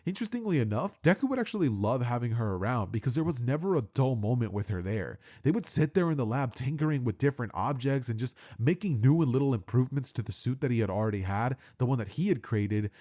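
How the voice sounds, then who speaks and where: A man's voice: mid-range voice, expressive, quick pace, few pauses, dark tone. A young man casually narrating a fan-made story in a rambling, slangy way.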